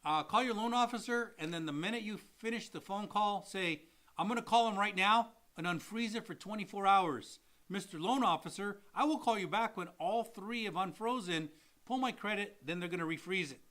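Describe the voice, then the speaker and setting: Man, mortgage loan officer, live Q&A co-host, high voice, bright tone, animated, repeats himself. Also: moderate pace. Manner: animated, explains with acted-out examples and repeats phrases. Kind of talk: casual live Q&A.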